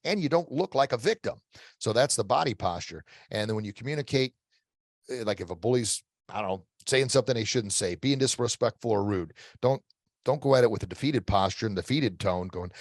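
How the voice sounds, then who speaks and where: Middle-aged man, guest expert, emphatic coaching talk, lowish voice, dry close sound. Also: lively intonation, fairly quick, no room sound. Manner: emphatic, repeats key phrases, frequent restarts. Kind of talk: interview, motivational coaching.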